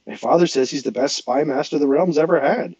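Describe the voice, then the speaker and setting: A man's voice: on the high side, brisk, creaky, a little mellow, no room sound, lo-fi sound. A man reading aloud and voicing a smug teenage page who talks in a knowing, confiding way.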